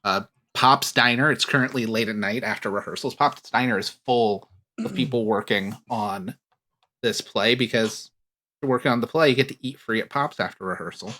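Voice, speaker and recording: Bright-voiced man running a tabletop game. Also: medium pitch, normal speed. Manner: relaxed, joking scene-setting. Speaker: game master. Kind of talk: narrating a tabletop role-playing game.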